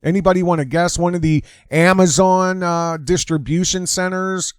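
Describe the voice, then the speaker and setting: A man's voice: sits high, fairly even intonation, normal speed, clear, resonant tone, dry recording. A man hosting a ranting political commentary show, talking in a heated, indignant, emphatic way, recorded close on a dry mic. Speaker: host.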